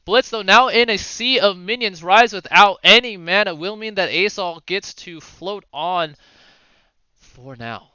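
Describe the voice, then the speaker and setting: A man giving casual play-by-play commentary on a video game match, with quick calls and the odd swear. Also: high voice, pushed and bright, clear, resonant tone, no room sound, highs cut off. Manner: fast play-by-play with swearing and asides. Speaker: esports caster.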